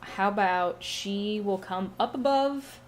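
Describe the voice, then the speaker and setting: A woman's voice: medium pitch, slow pace, soft background music, close to an everyday voice. A woman playing a flippant, bossy male king of the gods who talks offhand and swears. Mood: dismissive. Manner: offhand, profane, dismissive.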